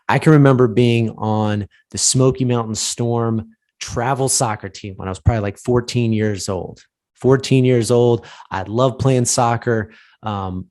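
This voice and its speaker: A man's voice: on the low side, darkish tone. A man in his thirties hosting a podcast, giving a casual motivational talk and telling stories with many fillers and restarts. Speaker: podcast host, lawyer.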